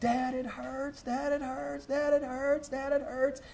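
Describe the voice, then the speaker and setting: Guy doing a little kid crying, way higher pitched, quiet and begging. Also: level tone, a little slow, vocal fry, slight background noise, exaggerated voice. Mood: pleading. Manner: whimpering, pleading repetition. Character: young boy, crying in pain, pleading.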